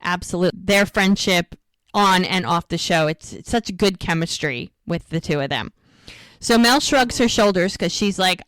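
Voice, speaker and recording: A woman's voice: on the low side, a little slow, fairly bright tone, no room sound. A woman co-hosting a podcast, retelling scenes in a chatty, gushing way with lots of "she goes.". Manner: chatty and gushing, with light laughs. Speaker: podcast co-host. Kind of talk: casual recap chat.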